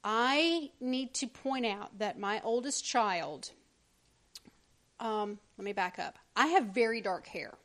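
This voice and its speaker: A middle-aged woman co-hosting a podcast, reading listener emails aloud in casual, animated chat with frequent laughs. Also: fairly high pitch, slow pace. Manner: animated, laughs often, trails off. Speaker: podcast co-host.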